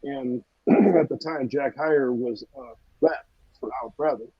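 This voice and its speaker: A male podcast co-host with a husky, slightly raspy voice, relaxed as he tells stories in casual chat. The recording is dry and dull, with a lo-fi sound. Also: mid-range voice, unhurried, dry recording. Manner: easygoing anecdotal storytelling.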